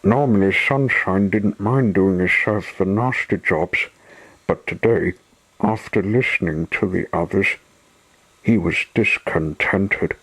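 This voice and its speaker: A male storyteller reading a children's book aloud, taking his time with each sentence. His voice sits low and sounds breathy. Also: slow pace, fairly bright tone, rough recording.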